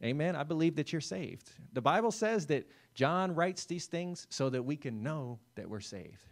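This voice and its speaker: A male pastor preaching a sermon in a relaxed, conversational way, calling out listeners by name and checking in with "right?" and "amen.". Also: on the high side, moderate pace. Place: church service.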